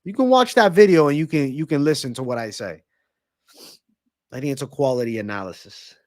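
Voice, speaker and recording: A man's voice: mid-range voice, a little fast, darkish tone, no room sound, studio quality. A young man hosting a live stream, reading chat and breaking down fights in brash, profane banter. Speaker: livestream host and fight analyst.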